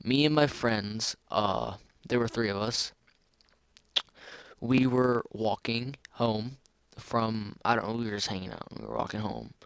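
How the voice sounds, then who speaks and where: A man's voice: fairly low pitch, measured pace, vocal fry, no echo. A teenage boy telling a personal story in a rambling, casual way, full of restarts. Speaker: vlogger.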